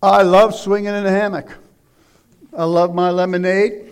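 A man preaching a sermon, loud and emphatic, shouting exhortations and dropping into quiet asides. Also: sits high, little pitch movement, moderate pace, smooth. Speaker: pastor.

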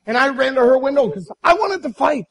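Guy preaching, pretty high voice, gravelly and kinda husky, tells his story all animated with lots of restarts. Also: fairly quick, low-quality recording. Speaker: pastor. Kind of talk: sermon with personal story.

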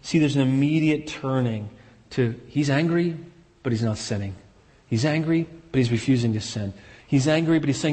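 A pastor preaching a sermon in an earnest way, repeating key phrases for emphasis. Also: male voice, medium pitch, expressive, normal speed, darkish tone, long reverb tail.

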